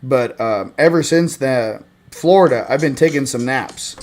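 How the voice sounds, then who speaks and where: A man hosting a spiritual livestream in casual chat, rambling and joking and swinging between loud bursts and quiet asides. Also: medium pitch, normal speed, soft background music.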